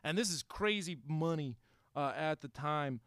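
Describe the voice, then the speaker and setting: A man's voice: fairly high pitch, lively intonation, measured pace, a bit bright, smooth, no room sound, clean studio sound. A young man co-hosting a comedy podcast, rambling through a history story with lots of fillers and restarts. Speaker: podcast co-host telling the history. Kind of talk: casual comedic chat. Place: Houston.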